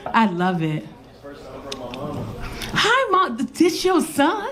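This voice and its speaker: A woman's voice: sits high, huge pitch swings, extremely slow, very noisy. A brash, profane woman in her thirties with a New York accent, doing stand-up comedy and teasing the crowd on a club stage. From South Bronx, New York. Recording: live club recording with loud crowd laughter.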